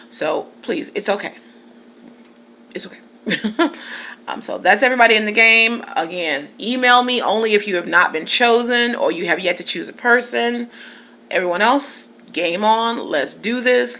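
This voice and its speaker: A woman teacher talks straight to her subscribers in a relaxed vlog. She is chatty, laughs easily between thoughts, and calls out her viewers by name as she goes. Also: mid-range voice. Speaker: teacher and YouTube vlogger. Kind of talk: casual vlog chat to subscribers.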